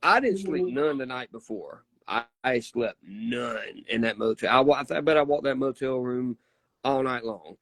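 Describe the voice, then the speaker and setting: A man's voice: medium pitch, expressive, normal speed, fairly bright tone, no room sound. A man, a wrestler telling stories in a casual interview, folksy, emphatic and profane. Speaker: wrestler guest.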